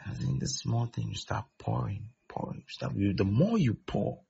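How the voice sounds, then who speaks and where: Male preacher, low husky gravelly voice, dull lo-fi recording, acts out quotes mid-sermon. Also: wildly swooping pitch, normal speed, mellow.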